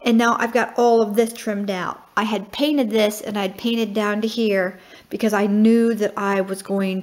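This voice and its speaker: Chatty woman touring her remodel. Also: fairly high pitch. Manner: chatty, thinking aloud with fillers. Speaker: homesteading vlogger. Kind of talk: casual home tour narration. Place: house under remodel, indoors.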